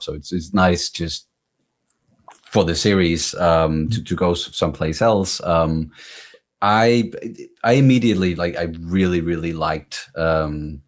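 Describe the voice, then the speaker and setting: A man with a Danish accent and a very low voice, chatting on a casual panel. He talks in a halting way, circling back with fillers and restarts before he lands a thought. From Denmark. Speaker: guest reactor on a panel.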